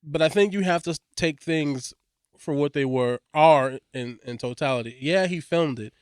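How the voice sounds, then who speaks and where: A man's voice: fairly high pitch, normal speed, clear, resonant tone, no room sound, clean studio sound. A man co-hosting a casual podcast chat, rambling through restarts and swearing freely. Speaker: podcast co-host.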